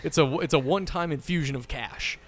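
A man co-hosting a casual podcast recorded in a bar, riffing crude, deadpan jokes. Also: a little high, fairly quick. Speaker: podcast co-host.

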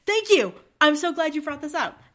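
A woman's voice: high-pitched, very animated, moderate pace, a bit bright. A woman co-hosting a podcast, chatting casually and emphatically with some swearing. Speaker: podcast co-host. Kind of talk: casual chat.

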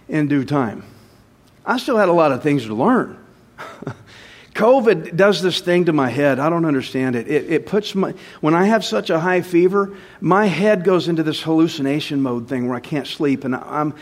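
A man preaching a sermon, swinging between loud stressed phrases and soft, low asides, often slowing down to repeat a line. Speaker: pastor.

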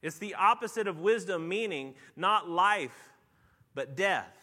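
A man preaching a sermon, telling a lively story with animated, rising outbursts before quieting down to make his point. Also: high-pitched, a little slow, big-room sound. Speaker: pastor.

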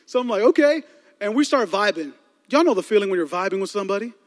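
A young man from the Chicago area tells a story from his own life to a crowd of young listeners. His voice sits high and turns lively, he acts out the other people in the story, and he often stumbles and repeats words. A long hall reverb trails behind each phrase. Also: quick pace. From Chicago area, United States. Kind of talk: storytelling sermon to a live youth audience.

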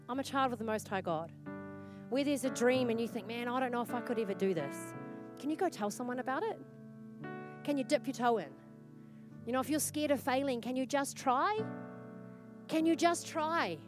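A woman's voice: a little high, a little fast, long pauses, music in the background. A woman pastor with a New Zealand accent preaching a sermon in a church, earnest and exhorting, repeating her points for emphasis.

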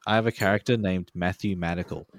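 A man with a very low, gravelly voice talks through a laid-back, rambling podcast chat and swears often. The sound is close and dry. He is a co-host on a remote call. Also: steady tone, fast, no echo.

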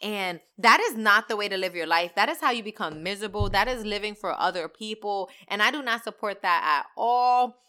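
Bright, fast-talking woman podcast host. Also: mid-range voice, clean tone. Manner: animated, slangy and profane, talks fast. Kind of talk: casual solo podcast rant.

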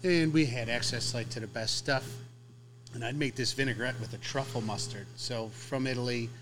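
A man's voice: mid-range voice, moderate pace, a bit bright. A middle-aged man from Chicago who owns a sandwich shop, talking casually from inside his shop and explaining things in chatty detail. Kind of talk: casual conversation.

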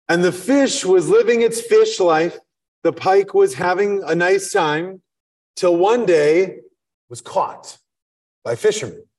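High-voiced rabbi preaching from afar. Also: male voice, a little mellow, distant mic. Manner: storytelling, acts out characters in the tale, asks rhetorical questions. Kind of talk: sermon with a told parable.

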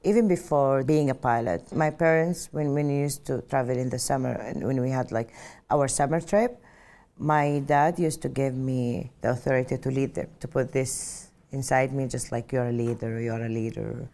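Very low-voiced woman. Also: normal speed, mellow. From Saudi Arabia. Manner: earnest, reflective, leans on "just like" fillers. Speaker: pilot interviewee. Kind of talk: personal interview storytelling.

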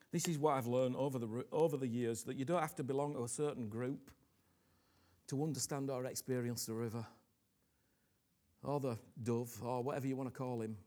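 A middle-aged man preaching a sermon, moving from hushed whispers to loud, pleading outbursts and asking his listeners again and again whether they understand him. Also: medium pitch, fairly even intonation, normal speed, pauses often. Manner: repeats himself, asks "you understand me?" often.

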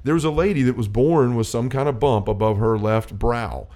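A man's voice: medium pitch, moderate pace, mellow. A middle-aged man hosting a faith-based chat, telling a personal story in an earnest, rambling way. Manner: earnest storytelling, many restarts and quoted dialogue.

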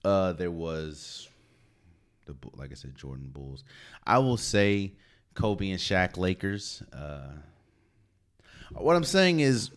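A man hosting a solo sports podcast, talking casually and stopping to repeat words as he restarts. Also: deep voice. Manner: animated, repeats words when restarting, laughs often. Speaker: podcast host. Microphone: podcast mic.

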